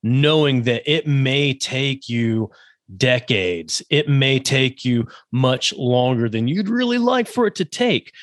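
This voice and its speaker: A man hosts a podcast conversation in an ordinary middle pitch. He agrees readily, reflects on what was said and sums up points before asking his question. His voice is recorded close and dry. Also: expressive, slow pace, no room sound. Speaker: podcast host.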